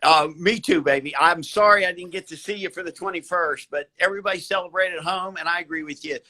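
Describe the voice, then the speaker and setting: A man's voice: high voice, fast, poor audio. A man who works as a hospital doctor, talking casually on a live video call, folksy and affectionate. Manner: warm, folksy, calls the host baby.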